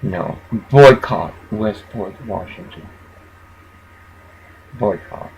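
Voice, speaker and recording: A man's voice: on the low side, expressive, drawn-out words, gravelly, darkish tone, muffled recording, a little hiss or hum. A man vlogging a rambling, profane rant, scattered and broken by chuckles. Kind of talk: rambling monologue.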